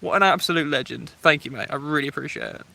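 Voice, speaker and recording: A friendly young man with an Essex English accent talks casually on a live stream, greeting viewers by name. His voice sits a touch high for a man. He speaks outdoors from a woodland campsite. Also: fast, creaky, pushed and bright, dry recording. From England. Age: 20s. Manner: chatty, friendly, reads viewer names aloud. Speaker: vlogger. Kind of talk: live-stream chat, reading comments.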